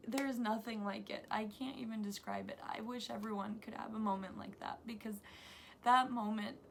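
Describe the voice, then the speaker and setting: A young woman vlogger excitedly telling a story to camera, gushing and breathless, full of restarts. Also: medium pitch, gravelly, a little hiss or hum.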